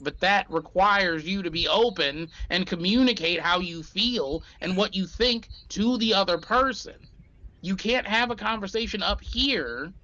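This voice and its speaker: This is a man with a fairly high voice who talks frankly and lays out his points at length, dropping curse words without hesitation. He is a guest in a casual chat. The recording sounds dull and lo-fi. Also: sharp tone. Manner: frank, explanatory, swears freely. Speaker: podcast guest. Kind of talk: casual conversation.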